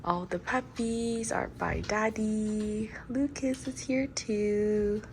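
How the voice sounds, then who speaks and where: A woman's voice: medium pitch, steady tone, takes it slowly, slight background noise. A woman vlogging at home as a stay-at-home mom, talking to her dogs in doting baby talk. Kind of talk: casual vlog narration. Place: home indoors.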